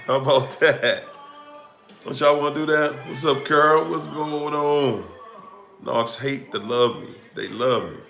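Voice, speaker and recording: Slow, bright-voiced laid-back man. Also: mid-range voice, gravelly. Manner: laid-back, playful, drawn-out greetings, laughs often. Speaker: livestream host. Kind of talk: casual livestream chat with viewers. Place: home room during quarantine. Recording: echoey room with faint music. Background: faint music.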